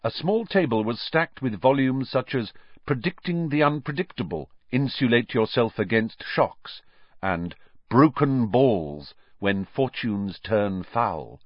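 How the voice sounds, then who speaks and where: A man reading a storybook aloud as narrator, measured and expressive. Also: medium pitch, no room sound, muffled recording. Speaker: audiobook narrator.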